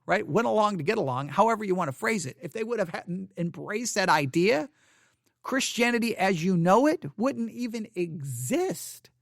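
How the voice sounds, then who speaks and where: High-voiced, fervent male Bible teacher. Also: no echo, clean studio sound. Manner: emphatic, repeats points, swings between loud stress and quiet asides.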